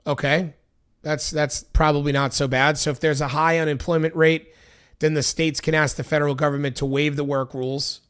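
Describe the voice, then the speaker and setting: A man's voice: fairly high pitch, level tone, brisk, fairly bright tone, clear, resonant tone. A man on a stream reading a bill aloud line by line, breaking off into loose, casual asides full of fillers. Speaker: political commentary streamer.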